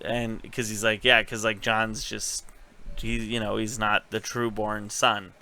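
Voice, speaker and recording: A man hosting a casual podcast recap, chatty, cursing freely and paraphrasing scenes in quick retellings. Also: on the low side, little pitch movement, pushed and bright, slight background noise. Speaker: podcast host.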